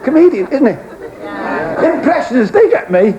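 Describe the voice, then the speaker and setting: A man with a high, bouncing voice tells jokes on a club stage, chatting with the audience between punchlines. The crowd noise is heavy. The sound is dull and hissy, like an old videotape. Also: sing-song, moderate pace. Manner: chatty joke-telling with asides to the audience. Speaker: stand-up comedian. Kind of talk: stand-up routine.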